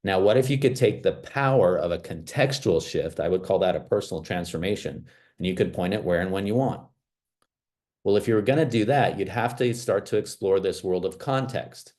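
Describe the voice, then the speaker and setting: A man from small-town America giving an animated, emphatic motivational talk over a video call, with casual fillers. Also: deep voice, a little fast. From small-town United States.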